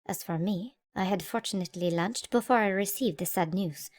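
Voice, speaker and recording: A woman's voice: mid-range voice, a little mellow, natural voice. Woman voicing a stern old admiral. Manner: brisk and commanding. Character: stern, proud old male naval admiral. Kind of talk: audiobook character voice.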